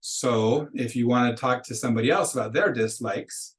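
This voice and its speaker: Guy teaching intro spanish, patient, goes step by step, mid pitch. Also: normal speed, poor audio. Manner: patient, explains step by step, models phrases for repetition. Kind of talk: recorded classroom lecture.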